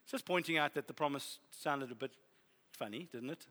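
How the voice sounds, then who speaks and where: A man preaching a sermon, animated and humorous, building to loud exhortation. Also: medium pitch, fairly quick. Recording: long hall reverb.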